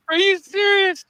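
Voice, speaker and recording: A woman's voice: very high-pitched, pushed and bright. A woman co-hosting a casual chat, reacting with exclamations and laughter.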